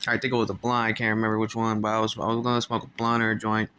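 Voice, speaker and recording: A man's voice: on the low side, monotone, very fast, sharp tone, slight background noise. A man telling a casual storytime, laid-back and swearing constantly, laughing between lines. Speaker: storyteller vlogger.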